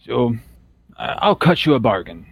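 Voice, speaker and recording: A man's voice: mid-range voice, very animated, moderate pace, slightly rough, no room sound. A man voicing an aging, white-bearded male dwarf mercenary who speaks politely and hesitantly. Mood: weary.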